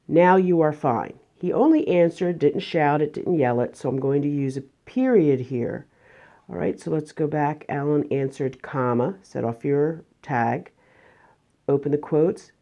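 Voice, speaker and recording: Female teacher, low warm voice, patient remote-lesson explainer. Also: highs cut off.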